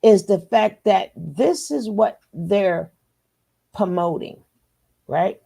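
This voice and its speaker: Slow, gravelly woman doing reaction commentary. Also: medium pitch, dark tone. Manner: emphatic, conversational. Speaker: reaction channel host.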